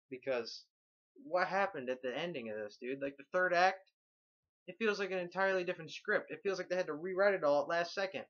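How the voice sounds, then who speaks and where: A man's voice: fairly high pitch, a bit bright, highs cut off. A man giving a casual movie review in a blunt, rambling, profane way.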